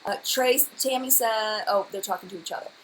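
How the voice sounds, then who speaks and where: A woman in her thirties hosts a live chat and talks quickly in a loose, rambling way, full of fillers and restarts. Her voice sits at an ordinary pitch, with faint noise in the background. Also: rough recording. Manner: fast, chatty, rambling with many fillers. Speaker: beauty channel host. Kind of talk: live-stream chat answering viewers.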